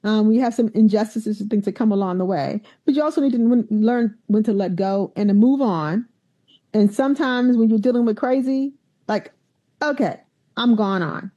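Emphatic woman, mellow voice, dull sound. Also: on the high side, moderate pace. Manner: animated storyteller, emphatic. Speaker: university president, guest. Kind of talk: conversational interview.

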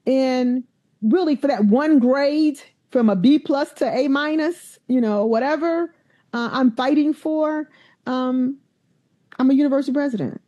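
A middle-aged woman with a fairly high, mellow voice tells her stories with animated emphasis. The recording sounds slightly dull and lo-fi. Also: a little slow. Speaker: university president, guest. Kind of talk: conversational interview.

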